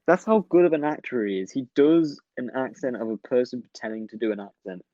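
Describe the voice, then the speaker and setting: A man's voice: medium pitch, lively intonation, a little fast, mellow, dry recording, dull audio. A man co-hosting a podcast, chatting casually, swearing freely and laughing at his own jokes. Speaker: podcast co-host. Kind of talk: casual chat.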